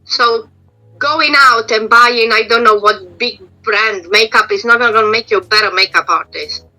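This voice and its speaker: A woman's voice: on the high side, normal speed, pushed and bright, poor audio. A middle-aged woman, a makeup and prosthetic artist, giving frank, explanatory advice in an interview over a video call, her voice a bit strained as she is losing it. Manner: explanatory, frank, restarts phrases. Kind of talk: casual interview answers.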